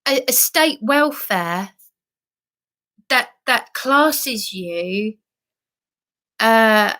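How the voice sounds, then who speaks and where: Agitated woman ranting, bright voice. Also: on the high side, expressive, drawn-out words. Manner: agitated, repeats and restarts herself, emphatic. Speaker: vlogger. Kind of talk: emotional monologue rant.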